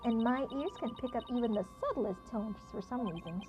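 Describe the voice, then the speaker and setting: A woman's voice: on the high side, expressive, brisk, music in the background, natural voice. A woman voicing an earnest, cheerful young woman lawyer in a game, speaking in a friendly, explanatory way.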